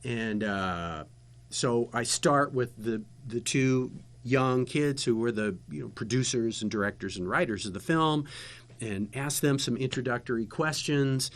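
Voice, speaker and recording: A man, a guest and former TV interviewer, telling a lively story in casual chat with laughter. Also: medium pitch, unhurried.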